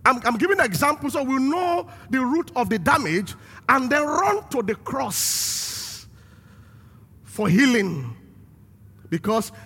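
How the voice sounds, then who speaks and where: A man preaching a sermon as pastor and host, emphatic and rising to shouts to stress his points. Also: very high-pitched, very animated, unhurried, slightly rough.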